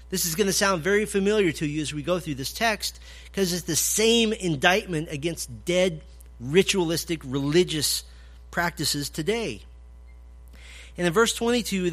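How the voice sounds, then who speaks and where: A man preaching an expository sermon, emphatic, swinging from loud declarations to low, quiet points. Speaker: pastor.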